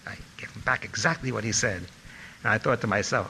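A man's voice: fairly low pitch, fast talker, a little hiss or hum, rough recording. An older man telling anecdotes about his former teacher in a reminiscing speech. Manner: storytelling, animated when quoting others. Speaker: former student giving a tribute talk.

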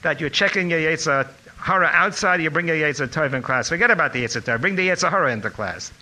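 Guy doing his tough old rabbi teacher, high and loud, sharp scolding. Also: expressive, fast, poor audio. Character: stern demanding elderly male Talmud teacher.

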